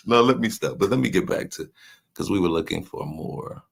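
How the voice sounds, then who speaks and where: A man's voice: sits low, lively intonation, a little fast, creaky, breathy edge. A man hosting a casual live stream, teasing his chat with loose slang and frequent laughs. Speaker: livestream host reading chat.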